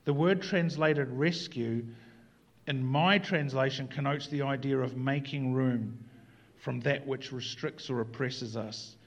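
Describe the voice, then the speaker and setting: A man preaching a sermon in an earnest way, moving between quiet reflection and animated emphasis. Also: medium pitch, a little slow, highs cut off. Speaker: pastor.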